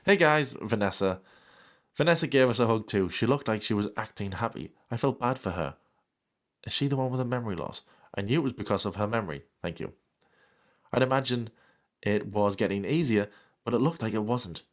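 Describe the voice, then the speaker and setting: A man reads a fan story aloud, breaking off for dry, sarcastic comments and mock outrage in a comedic reading. His voice is on the low side, animated and fairly quick.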